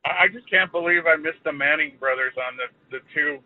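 A man's voice: fairly high pitch, fairly quick, no room sound, phone-quality sound. A man calling into a radio quiz, stammering sheepishly. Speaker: caller.

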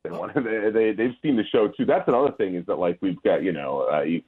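A man appearing as a guest on a talk show, speaking haltingly with many fillers and restarts. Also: fairly low pitch, expressive, slightly rough. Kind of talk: casual chat. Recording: tinny phone line.

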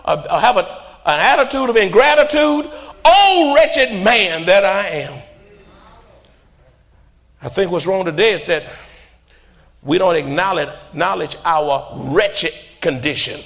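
A man preaching a sermon as pastor, in a fiery style that jabs at listeners with repeated rhetorical "huh?" and sudden shouts. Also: high voice. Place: church sanctuary. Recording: long reverb in a large hall.

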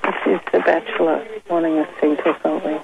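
A woman's voice: low voice, flat delivery, a little fast, gravelly. A woman working in a shop, answering a call with a polite, formal greeting. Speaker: shop staff answering the phone. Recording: noisy phone line.

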